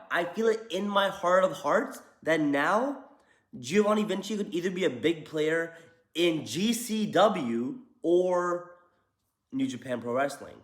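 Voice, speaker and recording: Host, young man, high lively voice, jokey slangy wrestling takes, roomy echo. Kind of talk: casual opinion commentary.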